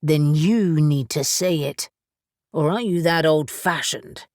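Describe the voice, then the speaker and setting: A woman's voice: low-pitched, slow pace, darkish tone, no room sound, clean studio sound. A woman voicing a blunt, teasing young man. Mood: determined, teasing. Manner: blunt, goading.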